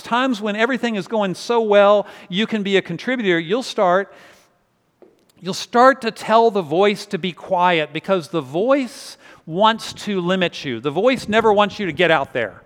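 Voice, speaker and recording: Preaching in a church sanctuary, this male pastor has a high-sitting, expressive voice at normal speed. His sermon unfolds as conversational storytelling with repeated words. The sound carries a large hall's long reverb.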